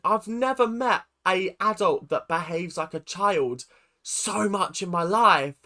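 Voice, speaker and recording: Animated ranting woman reacting to TV. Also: mid-range voice, takes it slowly. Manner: animated and ranting, laughing often. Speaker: reaction video host. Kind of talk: casual reaction commentary.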